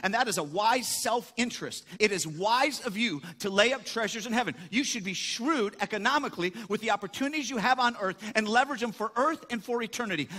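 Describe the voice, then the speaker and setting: A man's voice: high-pitched, sharp tone. A man preaching a sermon, emphatic, asking questions and answering them himself. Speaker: pastor. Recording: echoey hall.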